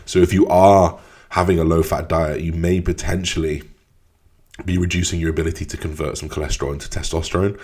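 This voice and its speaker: A man's voice: deep voice, flat delivery, fairly quick, darkish tone. A man hosting his own podcast, answering listener questions in a loose, frank way and swearing casually. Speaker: podcast host.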